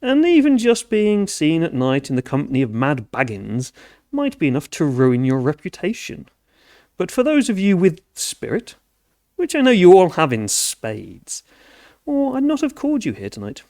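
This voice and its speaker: A man's voice: a little high, huge pitch swings, normal speed, darkish tone, no room sound, studio quality. A man playing a fussy, eager older male hobbit who coaxes his cousins, repeating himself when flustered. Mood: coaxing. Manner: flustered, repeats words, coaxing. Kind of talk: tabletop role-play in character.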